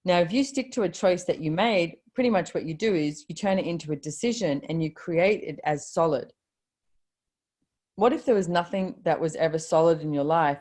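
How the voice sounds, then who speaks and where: A woman with a low-pitched, slightly mellow voice hosts a live video call, delivering a chatty motivational talk. She swears casually and quotes her own thoughts.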